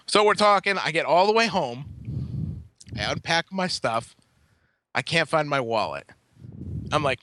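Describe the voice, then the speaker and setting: A man's voice: mid-range voice, big pitch swings, brisk, sharp tone, no echo. A man co-hosting a podcast, telling a long, rambling anecdote in casual, profane chat. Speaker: podcast co-host. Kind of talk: casual storytelling.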